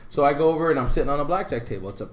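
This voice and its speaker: Animated storytelling man, echoey room. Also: a little high, racing. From Puerto Rico. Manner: animated storyteller, acts out quoted people loudly. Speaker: podcast co-host. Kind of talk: casual storytelling chat.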